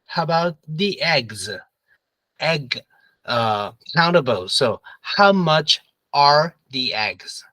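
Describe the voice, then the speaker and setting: Male English teacher, slow and bright, dry close sound, patient and repetitive with the class. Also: on the high side, animated, no room sound, low-quality recording. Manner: patient, repeats questions and prompts students to answer together. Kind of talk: classroom review lesson.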